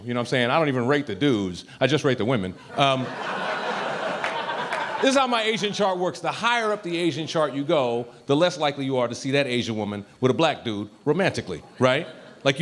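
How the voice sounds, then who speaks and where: Male stand-up comic, live club set, lively swooping voice, audible crowd noise. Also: fairly high pitch. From Ohio. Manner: animated, punchy delivery with asides to the crowd. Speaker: stand-up comedian. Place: comedy club stage, audience laughing.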